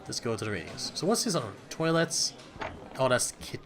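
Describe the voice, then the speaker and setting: A man commenting as he plays a story game, jokey and excitable, often laughing at himself. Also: mid-range voice, fairly quick. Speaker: gameplay commentator. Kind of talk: let's play commentary.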